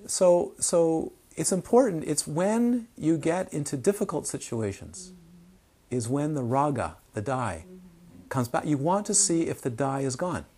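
A man giving an informal Dharma talk to a small group, telling stories with animated asides. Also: a little high, a little slow. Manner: animated storytelling, acts out quoted voices. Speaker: meditation teacher.

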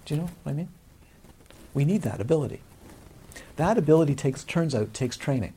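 A man's voice: medium pitch, very animated, normal speed, pauses often, a little mellow, a little hiss or hum. A man teaching a Buddhist dharma talk to a live audience, in a conversational way with frequent questions to the listeners.

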